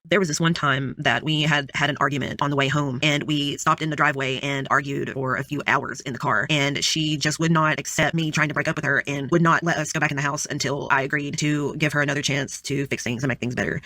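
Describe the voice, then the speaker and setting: A man's voice: fairly high pitch, steady tone, quick pace, few pauses, pushed and bright, dry recording. A man plainly recounting an argument from his past. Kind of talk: recounted personal story.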